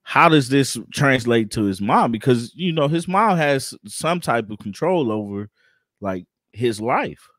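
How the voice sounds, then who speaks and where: A man co-hosting a casual podcast, talking in a measured, reflective way. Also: mid-range voice, animated, fairly bright tone, dry recording. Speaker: podcast co-host. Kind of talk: casual reality-TV discussion.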